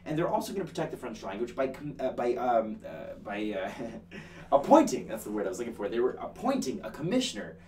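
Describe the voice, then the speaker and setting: A man's voice: medium pitch, fast talker, few pauses, distant mic, slight background noise. A young man from Canada hosting an online news show, talking in a chatty, joking way with lots of fillers. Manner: chatty and animated, with filler words and jokes. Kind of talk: casual online news commentary.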